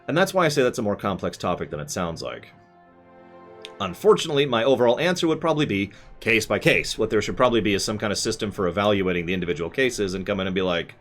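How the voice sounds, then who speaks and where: A man's voice: mid-range voice, animated, fast talker, faint music behind. A man streaming live, answering chat with rambling, self-correcting opinions.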